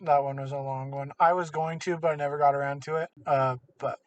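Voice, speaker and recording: A man's voice: on the high side, fairly even intonation, a little fast, slight background noise. Casual podcast man, off-mic. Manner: rambling, self-correcting. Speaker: podcast co-host. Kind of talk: casual chat. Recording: distant from mic.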